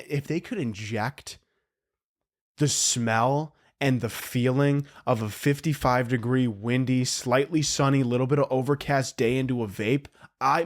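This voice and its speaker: A man's voice: mid-range voice, normal speed. A young man hosting a solo podcast, rambling and cutting himself off, laughing at his own jokes. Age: young adult. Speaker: podcast host.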